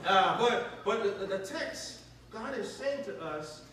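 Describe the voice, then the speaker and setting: A man preaching a call-and-response sermon, animated, stopping so the congregation fills in the words. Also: sits high, a little slow. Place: church sanctuary with congregation. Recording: echoey church from far off, crowd.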